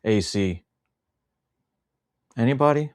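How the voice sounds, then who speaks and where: A man's voice: medium pitch, expressive, slow pace, darkish tone. A man co-hosting a livestream, speaking in an indignant, sarcastic way. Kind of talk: casual livestream chat.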